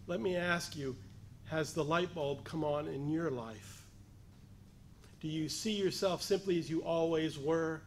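A man preaching a sermon, building from measured explanation to emphatic, raised appeals. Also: on the high side, slight background noise. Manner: rising to emphatic, raised voice on key points; pleading as he voices the lepers' cry.

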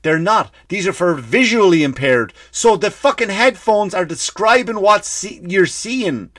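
An Irish man hosting a comedy podcast, ranting and swearing freely, breaking into loud acted-out bursts. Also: high voice, expressive, measured pace, no room sound, studio quality. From Ireland. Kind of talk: comedic rant.

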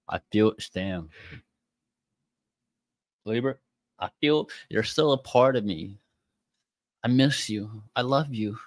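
A man's voice: fairly low pitch, a bit bright, no echo. A man doing a casual tarot reading by zodiac sign, talking in a slangy, profane, joking way. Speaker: tarot reader.

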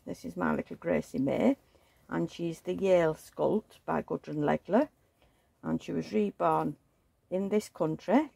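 A woman talks to the camera while tending a reborn doll, her voice gravelly with a husky edge. She coos and baby-talks, then slips into gossipy stories, close to a dry, dead-sounding mic. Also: on the low side, dark tone, no echo. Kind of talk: casual chat while dressing a doll.

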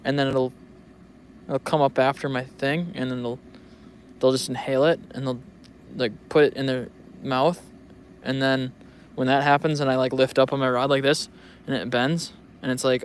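A man's voice: mid-range voice, steady tone, a little fast, clear, resonant tone. A young man vlogging in a casual, joking, rambling way who swears freely. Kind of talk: casual rambling vlog commentary.

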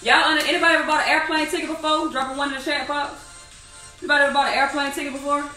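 A woman teaching a live online trading class, animated and repetitive, asking the audience many rhetorical questions. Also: sits high, very fast, roomy sound, far from the mic, soft background music, rough recording. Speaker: trading instructor.

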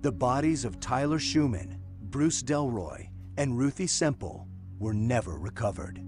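Man as a documentary narrator, grave, measured, scripted, faint music behind. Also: medium pitch, animated, a little mellow, natural voice.

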